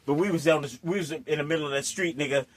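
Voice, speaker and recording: A man's voice: a little high, quick pace. A man hosting a show, telling a raucous story full of swearing, laughing often and acting out the scenes. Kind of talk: casual anecdote telling.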